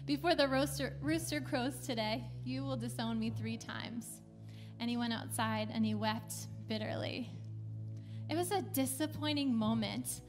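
A woman pastor giving a sermon in a relaxed, conversational storytelling way, with a few casual fillers. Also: high voice. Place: church.

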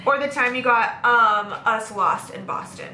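A young woman chatting casually as host, her voice bright and a touch high, with a playful, laugh-prone way of talking. The room gives back a noticeable echo, and a faint hum sits underneath. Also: a little slow. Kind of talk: casual chat. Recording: echoey room, faint background noise.

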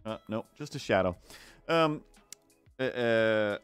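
A man's voice: on the low side, animated, slow, long pauses, clean tone, no echo. A man tells a long, sarcastic story while drawing on a stream and slips into the voices of the people he quotes. The sound is dry and close, with faint music playing underneath. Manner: rambling, sarcastic, acts out quoted neighbors. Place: home art stream setup.

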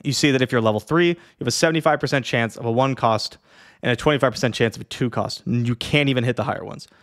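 A man casually explaining a strategy game to beginners in a chatty, lively way, with many fillers and the odd yawn. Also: medium pitch, fast talker. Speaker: streamer teaching a strategy game. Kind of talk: casual tutorial talk.

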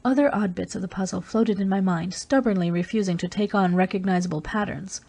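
A woman reading an audiobook, narrating a first-person story in a steady, even way. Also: mid-range voice, a little fast, slightly rough. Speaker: audiobook reader.

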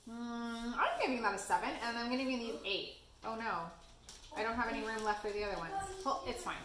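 A bright, lively woman chatting casually through a snack taste test, her pitch bouncing all over as she giggles and jokes. The room around her is echoey with a faint hiss underneath. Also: brisk. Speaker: co-host.

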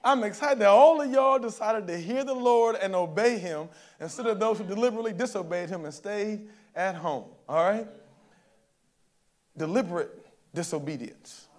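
A man's voice: sits high, normal speed. A male pastor preaching a sermon at a church service in a conversational way, often checking in with the congregation.

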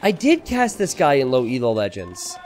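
An animated young man calls a strategy game live for his stream, his pitch swinging widely as he jokes with chat. He teases himself, tells stories and gets excitable when the action hits, speaking into a streaming mic. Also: normal speed. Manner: joking, self-teasing, excitable.

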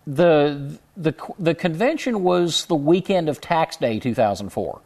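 Gravelly middle-aged man telling a story. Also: a little high, expressive, a little slow, darkish tone. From Houston, Texas. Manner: rambling, self-correcting storyteller. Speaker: guest. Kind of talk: conversational interview.

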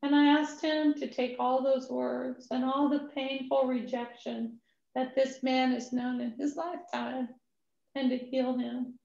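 A woman's voice: sits high, measured pace, gravelly. Woman storyteller at a ministry class, acts out every voice, dull lo-fi recording with room echo. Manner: animated storyteller acting out dialogue. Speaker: ministry executive director. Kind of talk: storytelling testimony talk. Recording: echoey room, dull lo-fi sound.

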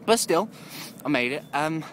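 A man's voice: on the high side, expressive, unhurried, fairly bright tone, a little hiss or hum. A man, rambling casually in a video diary and often laughing. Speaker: vlogger.

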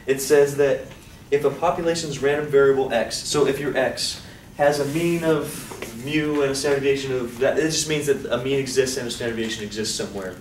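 A male statistics teacher lecturing a class in an animated, joking way, often asking students questions. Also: mid-range voice, brisk, hardly any pauses, far from the mic. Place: lecture hall. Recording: echoey hall, voice off-mic, faint hiss.

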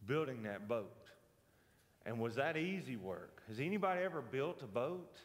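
A man's voice: medium pitch, lively intonation, a little slow, echoey room, big-room sound. A man with a Southern US accent teaching a casual church Bible lesson, folksy and joking, often putting questions to the class. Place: church hall.

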